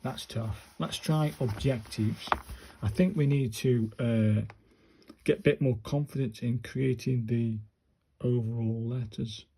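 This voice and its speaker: A man slowly talking his viewers through handwriting practice, muttering each stroke as he writes. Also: mid-range voice, fairly even intonation, dark tone, a little hiss or hum. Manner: slow, muttering step-by-step to himself and viewers. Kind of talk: casual narrated handwriting practice.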